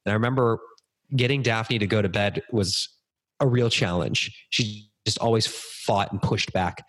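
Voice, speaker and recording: A podcast guest who works as a business speaker tells a story in an energetic, conversational interview, acting out quoted dialogue. His voice is on the low side and a little slow.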